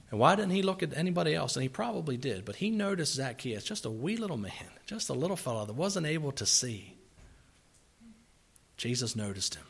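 A man preaching a sermon, acting out grumbling voices and asking rhetorical questions, swinging from quiet asides to loud outbursts. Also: mid-range voice, slightly rough.

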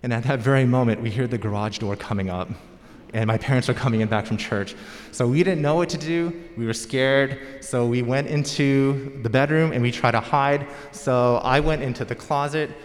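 A man's voice: medium pitch, moderate pace. An American man preaching a sermon as pastor, in a conversational storytelling manner. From United States. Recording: long hall reverb.

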